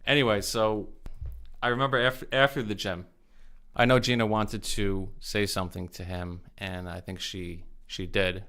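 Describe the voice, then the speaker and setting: A man's voice: on the low side, steady tone, moderate pace, fairly bright tone, smooth. A man hosting a podcast in casual chat, upbeat and joking, with frequent stumbling restarts. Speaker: podcast host.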